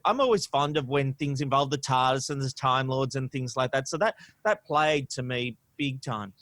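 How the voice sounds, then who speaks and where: A man co-hosting a podcast, talking in an opinionated, animated way with frequent "you know" and "um". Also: on the high side, dry recording. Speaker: podcast co-host. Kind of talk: casual podcast discussion. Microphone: studio microphone.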